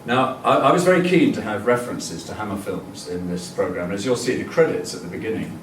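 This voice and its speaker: An older man with a fairly low voice tells anecdotes in a public lecture, chatty and rambling, with lots of "uh" and restarts. He is picked up from a distance in a roomy, echoing lecture hall. Faint room noise sits underneath. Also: animated, a little fast, fairly bright tone. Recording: echoey hall, distant mic.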